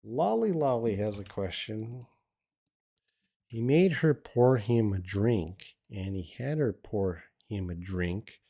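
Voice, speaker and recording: Low-voiced man teaching English live. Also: expressive, takes it slowly, creaky, dark tone, breathy edge. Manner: thinking aloud, hesitant restarts; encouraging. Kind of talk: live-stream English lesson answering chat questions.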